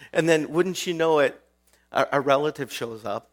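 A man's voice: on the high side, moderate pace. A male pastor preaching a sermon in a conversational way, often putting questions to his listeners.

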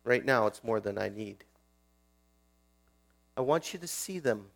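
A man's voice: on the low side, lively intonation, a little slow, creaky. Conversational male pastor, mains hum. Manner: conversational, asks the listeners questions. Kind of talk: sermon.

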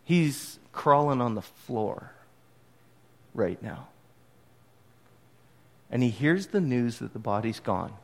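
A man preaching a sermon to his congregation in an expressive, conversational storytelling manner. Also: mid-range voice, takes it slowly, gravelly, pauses often. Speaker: pastor. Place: church service.

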